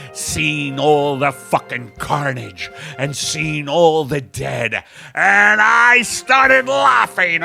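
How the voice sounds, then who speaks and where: A man's voice: fairly high pitch, vocal fry, exaggerated voice. A man improvising a manic, cackling male newscaster at the end of the world. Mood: gleeful unhinged. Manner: manic, cackling, swings loud and soft. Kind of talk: improvised comedy bit.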